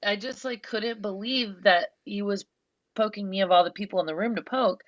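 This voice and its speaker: A woman's voice: mid-range voice, moderate pace, no room sound, muffled recording. A woman guest on a podcast telling a story in casual chat, rambling and self-deprecating with lots of "like" fillers. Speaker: guest musician.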